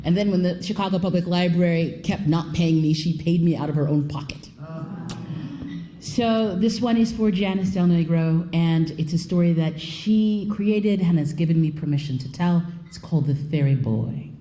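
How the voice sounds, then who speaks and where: A woman telling a folk tale on stage, expressive, swooping in pitch and dropping to a hush. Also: normal speed, slight background noise. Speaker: storyteller. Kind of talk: live storytelling performance. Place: theater stage before an audience.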